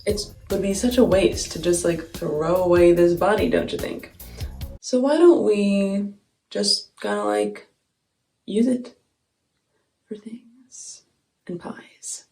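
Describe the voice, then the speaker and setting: A woman's voice: mid-range voice, a little slow, vocal fry, warm tone. Scheming pie-shop woman, as a woman puts her on. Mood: coaxing. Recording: echoey room, far mic, faint music.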